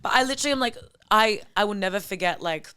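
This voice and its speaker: A woman's voice: mid-range voice, lively intonation, fast talker, sharp tone, clear, resonant tone. A young woman comedian, a guest on a podcast, chatting casually, calling her friend babe and swearing freely.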